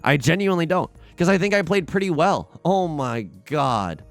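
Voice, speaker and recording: A young man talks through his own game with lively, jumpy pitch, dropping to low mutters and jumping up to loud outbursts. His tone is wry and self-mocking. Faint music plays under his voice. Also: normal speed. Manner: excitable, swings from muttering to shouting. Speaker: let's play host. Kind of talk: gameplay commentary.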